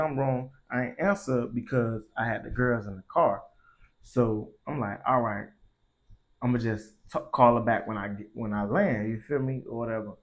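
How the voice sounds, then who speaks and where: A young man telling a story casually, in slangy and profane speech that grows heated. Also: mid-range voice. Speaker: vlogger.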